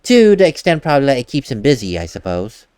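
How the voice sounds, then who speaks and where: A man's voice: medium pitch, very animated, fast talker, darkish tone, smooth, no echo, clean studio sound. A man giving casual gameplay commentary as a let's play host, chatty and laughing at himself, at a desk mic at home.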